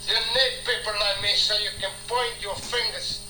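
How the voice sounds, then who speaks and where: An actor voices a menacing film gangster who speaks low and unhurried, sure of his own bad name. The voice sits far from the mic in a roomy space, and a loud score swells behind it. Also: flat delivery, loud music behind the voice, close to an everyday voice. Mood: defiant. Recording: echoey film clip with loud score, distant.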